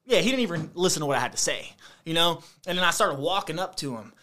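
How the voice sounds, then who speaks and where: A young American man casually telling stories in an animated, slangy way, with lots of fillers. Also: fairly high pitch, fast. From United States. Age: young adult. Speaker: guest. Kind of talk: casual storytelling chat.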